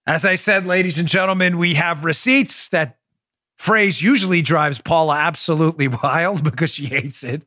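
Male podcast host, high-pitched and sharp-toned, sarcastic and emphatic, dry close sound. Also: normal speed, no room sound. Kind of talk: opinionated podcast monologue.

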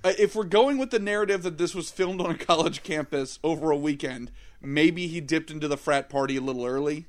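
A man's voice: on the high side, a little fast, few pauses. A man co-hosting a casual film-review podcast, leading the talk with crude, irreverent jokes. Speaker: podcast co-host.

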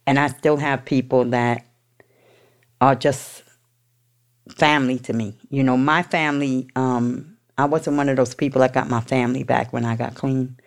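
A woman's voice: rumbling low, little pitch movement, moderate pace. A woman from New York telling her recovery story to an audience in a blunt, profane, emotional way. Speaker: recovery speaker. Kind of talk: candid personal recovery story.

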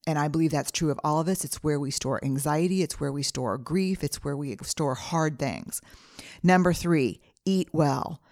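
On her own podcast, a middle-aged woman earnestly talks through a numbered family plan, pairing each step with a personal story from home. Her voice sits low and a little mellow at a moderate pace. The recording is dry and clean, studio quality.

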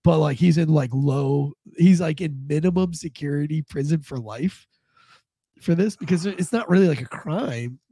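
A man's voice: fairly high pitch, normal speed, warm tone, breathy edge, no echo. A man hosting a casual news commentary show with a stuffed-up head cold, rambling with many fillers and restarts. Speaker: host.

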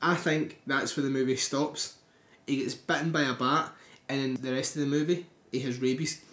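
A man, co-hosting a podcast, telling stories in an animated way with swearing and laughter. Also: medium pitch, moderate pace. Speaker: podcast co-host. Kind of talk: casual chat. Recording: echoey room.

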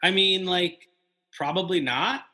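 Bright-voiced, halting male podcast guest. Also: high voice. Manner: halting, many fillers and restarts. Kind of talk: casual podcast chat.

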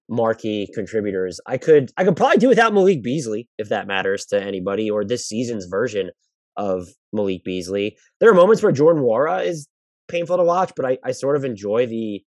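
Low-voiced man musing on basketball. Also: darkish tone, dry recording. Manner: thinks aloud with frequent restarts and hedging. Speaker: basketball podcast host answering listener questions. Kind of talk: casual solo podcast analysis.

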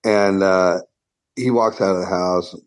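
A man's voice: sits low, steady tone, a little slow. A middle-aged man, a guest guitarist, telling a story in a rambling, profane way full of restarts. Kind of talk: casual storytelling interview.

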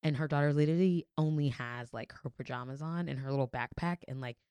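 A woman's voice: sits low, quick pace, dark tone, smooth, no room sound. A young adult woman in a casual podcast chat, telling a story with lots of "like" fillers and free swearing. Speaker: podcast guest.

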